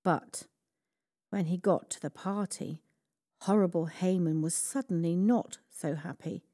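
A woman reading a children's Bible story aloud as storyteller, slow and expressive. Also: on the low side, no room sound, studio quality.

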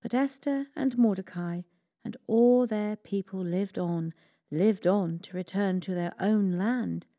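Slow, warm-voiced woman storyteller. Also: medium pitch, dry recording, clean studio sound. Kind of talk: children's Bible story reading.

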